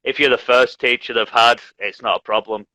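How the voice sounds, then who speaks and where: Bright-voiced man, chatty teacher. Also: mid-range voice, fairly quick, dry recording, rough recording. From Leeds, England. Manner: relaxed, chatty, laughs often. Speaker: English teacher, host. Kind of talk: casual live-stream chat. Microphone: video call.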